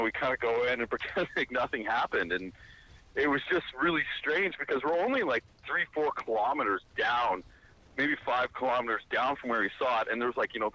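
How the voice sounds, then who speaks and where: A man telling a long casual anecdote, animated and rambling, full of fillers and restarts. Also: medium pitch, muffled recording. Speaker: storyteller.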